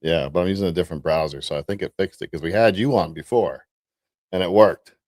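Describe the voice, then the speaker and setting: A man's voice: low voice, quick pace, darkish tone, no echo, studio quality. A man hosting a livestream in casual chat, laid-back and talking through what he is doing. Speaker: livestream host.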